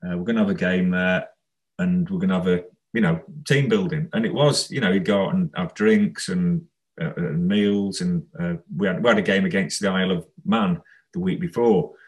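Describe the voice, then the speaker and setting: Low-voiced man telling a football story. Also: normal speed, poor audio. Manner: rambling, anecdotal, laughs while telling. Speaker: former footballer guest. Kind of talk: casual storytelling interview.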